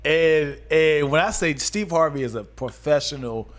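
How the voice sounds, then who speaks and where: A man co-hosting a podcast in casual chat, an animated storyteller who slips into loud impressions. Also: a little high, moderate pace. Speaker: podcast co-host.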